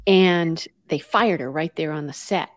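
A woman's voice: sits low, unhurried. Chatty American woman telling stories. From United States. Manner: lively, many fillers, mixes in Spanish words. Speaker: guest. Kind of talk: conversational storytelling.

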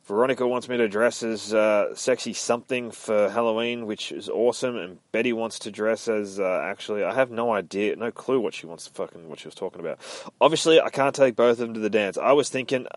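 An easygoing teenage boy from a comic talks in a casual, slangy way, as a man reads his lines. The voice sits a little low. The recording is dry and close, with no room sound. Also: a little fast, no room sound, close to an everyday voice. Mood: worried.

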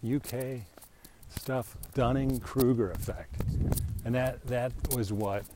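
A man's voice: mid-range voice, steady tone, slow pace, noisy background. A middle-aged man chatting casually and opinionatedly while out on a walk, speaking into a handheld mic. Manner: opinionated, rambling, frequent laughs. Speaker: vlogger. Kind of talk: casual rant while walking. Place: outdoors on a walk.

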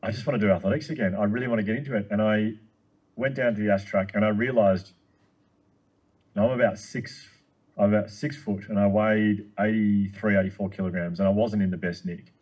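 A man tells a story at a rapid clip, the words tumbling out in his eagerness. His voice is husky and sits low. It sounds like relaxed conversation with a guest speaker. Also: rough recording. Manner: fast, excitable storyteller. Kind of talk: casual chat.

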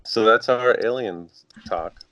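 A man's voice: medium pitch, slow, bright, forceful tone, dry recording, lo-fi sound. A young man co-hosting a podcast, reacting skeptically and laughing easily in casual banter. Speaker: podcast co-host.

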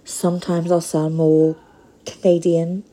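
A woman in her thirties with a Northern Minnesotan accent, hosting a casual solo podcast and talking slowly and hesitantly, with frequent pauses. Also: fairly low pitch, flat delivery, dark tone, low-quality recording. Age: 30s. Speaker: podcast host.

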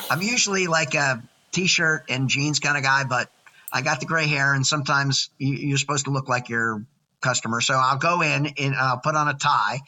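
Bright, lively man in his sixties. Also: medium pitch, moderate pace, poor audio. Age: 60s. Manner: energetic, jokey, lists points by number. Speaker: podcast guest. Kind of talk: casual chat.

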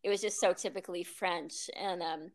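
Chatty woman with a gravelly voice. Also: fairly low pitch, steady tone, normal speed. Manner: chatty storyteller, laughs often, many ums and restarts. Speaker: guest, yoga teacher. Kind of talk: casual interview conversation.

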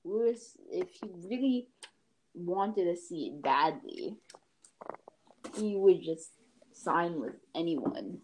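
A woman's voice: fairly low pitch, lively intonation, takes it slowly, pauses often, darkish tone, slight background noise, rough recording. A woman co-hosting a podcast in casual chat, skeptical and teasing. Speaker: podcast co-host.

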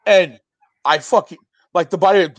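A young man telling a profane, animated story on a podcast, acting out the people in it. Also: high-pitched, moderate pace, no echo. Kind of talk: casual storytelling with acted quotes.

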